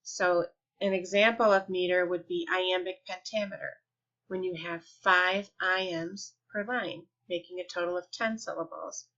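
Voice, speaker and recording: A woman teaching a lesson in a patient, deliberate way, slowing down to stretch out example words. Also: on the low side, steady tone, a bit bright. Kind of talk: explanatory lesson. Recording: dull lo-fi recording.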